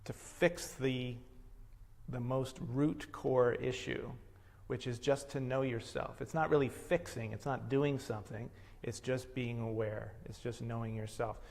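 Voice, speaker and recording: A male meditation teacher talks in an unhurried, reflective way at a mid-range pitch. His voice carries a long reverb tail, as if he were recorded in a large hall. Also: fairly even intonation, vocal fry, a little mellow.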